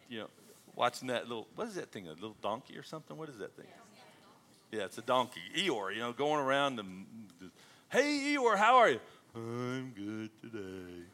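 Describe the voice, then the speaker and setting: Bright, lively male preacher. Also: fairly high pitch. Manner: animated, joking, calls out to the congregation. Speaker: pastor. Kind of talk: sermon.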